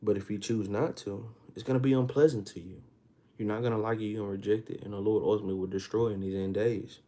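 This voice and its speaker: A man with a Texas accent teaching a Bible class, reading verses slowly and then explaining them in casual street talk that builds in emphasis. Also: fairly low pitch, fairly even intonation, warm tone. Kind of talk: informal scripture teaching.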